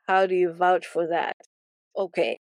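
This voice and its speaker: A woman's voice: fairly low pitch, level tone, measured pace, no room sound. A woman teaching a Bible lesson as playful, theatrical storytelling, often repeating words for effect.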